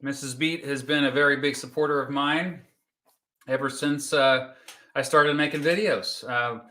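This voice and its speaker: A man in his thirties from Kansas hosting a relaxed livestream, joking and chatting while he eats pizza. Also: mid-range voice, moderate pace. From Kansas, United States. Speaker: YouTube host. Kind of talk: casual livestream chat.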